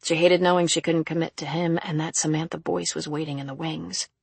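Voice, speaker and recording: Husky, even audiobook narrator. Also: mid-range voice, a little fast, no echo. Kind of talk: scripted narration.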